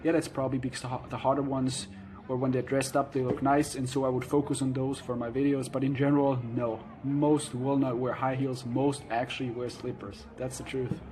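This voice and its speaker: A man vlogging casually, reading out viewer questions and answering them frankly, with frequent pauses and fillers. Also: mid-range voice, little pitch movement, background noise. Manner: frank, matter-of-fact, hesitant with fillers. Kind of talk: casual Q&A chat.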